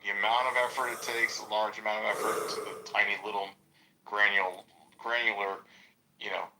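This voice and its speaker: A man's voice: flat delivery, fairly quick, bright, forceful tone, slight background noise, poor audio. An American man telling stories in a casual podcast chat, profane and loose, with many fillers. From United States. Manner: profane, storytelling, jumps high to mimic others. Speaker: podcast co-host.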